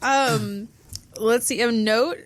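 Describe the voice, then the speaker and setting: A woman's voice: fairly high pitch, fairly even intonation, slow. Blunt woman co-host, casual. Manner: blunt, laughs easily. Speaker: podcast co-host. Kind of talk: casual chat.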